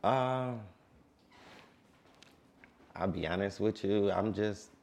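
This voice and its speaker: Man, late twenties, very low voice, calm laid-back DJ guest. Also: slow pace, gravelly. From Detroit. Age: late 20s. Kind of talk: casual interview.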